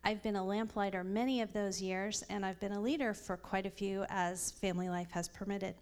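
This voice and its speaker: A woman in her thirties with a mid-range voice speaks briskly and flatly, sharing an earnest personal testimony at a women's Bible study. A church member, she tells her story warmly, with light laughs.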